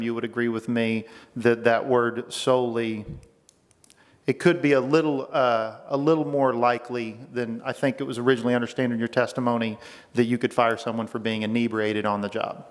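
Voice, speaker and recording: Man pressing a point in an echoing hearing room. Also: medium pitch. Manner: pressing, argumentative, repeats words when restarting. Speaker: state legislator questioning a witness. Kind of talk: committee hearing questioning. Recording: long reverb of a hearing room.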